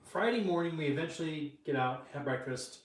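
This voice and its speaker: A man speaking calmly and matter-of-factly, adding details to a story in casual conversation. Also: fairly high pitch, a little fast. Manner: calm, matter-of-fact, fills in details. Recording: roomy echo, distant mic.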